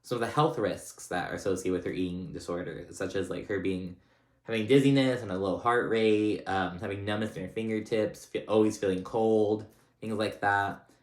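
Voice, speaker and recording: A man's voice: lowish voice, normal speed. A man casually recapping a reality TV episode, chatty and rambling, full of fillers and restarts. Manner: animated when retelling funny scenes. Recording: roomy echoey room.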